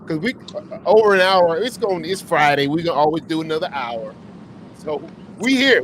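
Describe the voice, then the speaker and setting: A man co-hosting a talk show, animated, laughing between remarks and restarting his questions. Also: a little high, moderate pace, a crowd in the background. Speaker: co-host. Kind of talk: casual talk show chat.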